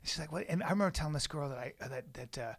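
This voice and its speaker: A man's voice: fairly high pitch, very fast. A man co-hosting a podcast, joking in casual chat, laughing often and swearing freely. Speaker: podcast co-host.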